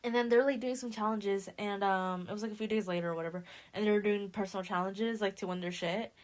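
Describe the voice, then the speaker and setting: A woman's voice: medium pitch, steady tone, fast talker. A young woman hosting a podcast, casually recapping a novel in slangy speech and acting out the characters' lines. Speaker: podcast host.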